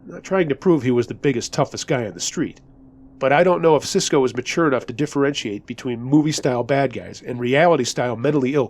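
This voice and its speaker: A man narrating a first-person scary story in a conversational, tense way. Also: mid-range voice.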